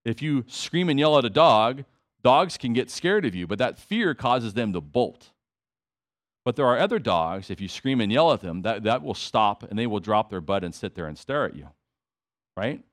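Animated male preacher. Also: mid-range voice, normal speed. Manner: conversational preaching, emphatic repetitions, asides to congregation. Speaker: pastor. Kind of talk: sermon.

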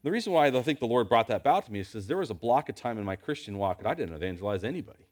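A man's voice: medium pitch, very animated, very fast, darkish tone. A man preaching a sermon in a church, talking to his congregation in a conversational way with lots of rhetorical questions.

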